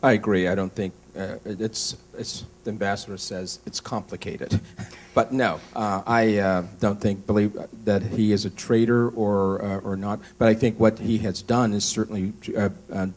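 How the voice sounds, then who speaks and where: Low flat voiced guy, lots of uhs, stumbling through a forum answer. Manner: halting, lots of fillers. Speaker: congressional candidate.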